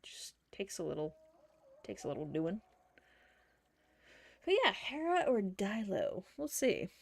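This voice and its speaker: Lively-voiced woman streamer swearing while gaming. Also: medium pitch, measured pace, vocal fry. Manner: chatty, swears freely, mutters to herself; frequent laughter. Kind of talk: live gameplay commentary.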